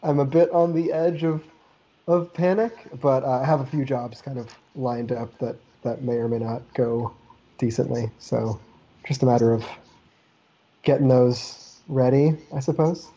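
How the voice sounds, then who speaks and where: A Canadian man co-hosts a podcast, chatting casually and rambling loosely with lots of "like" and offhand swearing. His warm, mid-range voice is a little slow with fairly even intonation, on a low-quality recording.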